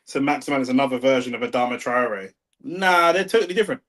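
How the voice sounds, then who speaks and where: A young man with a London accent, talking slangy and excitable over a live football match and arguing with his chat. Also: mid-range voice, fast talker. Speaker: watch-along streamer. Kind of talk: live football watch-along commentary.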